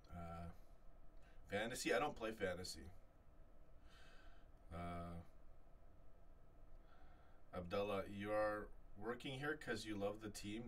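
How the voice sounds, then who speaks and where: A man hosting a live fan chat stream, reading out viewer comments in an animated, rambling way full of restarts. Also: lowish voice, recorded from a distance, slight background noise. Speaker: fan channel host.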